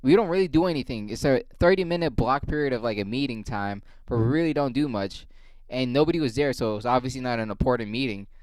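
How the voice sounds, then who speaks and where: A man's voice: medium pitch, fast, darkish tone, no room sound. Profane, rambling male comedian. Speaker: comedian and podcast host. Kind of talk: casual comedic monologue.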